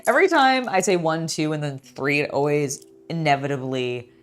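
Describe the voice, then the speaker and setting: A woman's voice: sits low, expressive, normal speed, soft background music. A young adult woman in a casual building vlog, chatting in a rambling way with many fillers and talking to her cat. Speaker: LEGO builder and channel host.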